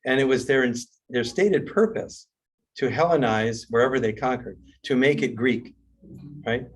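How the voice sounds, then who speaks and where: A middle-aged man leads a relaxed class as a rabbi, talking in a loose, rambling way. He keeps checking that his listeners follow along and drifts between side stories. His voice sits at an ordinary middle pitch. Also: recorded from a distance. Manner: chatty, rambling, asks "right?" often. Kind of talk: casual classroom lecture with jokes.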